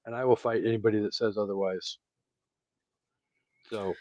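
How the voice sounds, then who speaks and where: A man hosting a movie podcast in casual chat, excitable and swearing freely. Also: lowish voice, normal speed, dry recording. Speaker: podcast host. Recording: dry, dull lo-fi sound.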